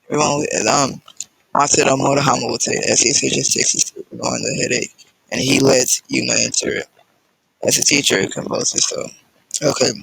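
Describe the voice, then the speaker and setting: A man reading a fan-fiction story aloud in a casual, halting way, with fillers and restarts. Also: mid-range voice, little pitch movement, gravelly, pushed and bright, slightly rough, dry recording, low-quality recording. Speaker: story reader.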